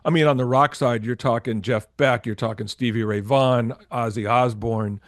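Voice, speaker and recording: An older man, a former record promotion executive, telling lively anecdotes in an interview, acting out quotes with many restarts. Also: medium pitch, moderate pace, dry recording, clean studio sound. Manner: animated anecdotes with acted-out quotes, frequent restarts. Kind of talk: storytelling interview.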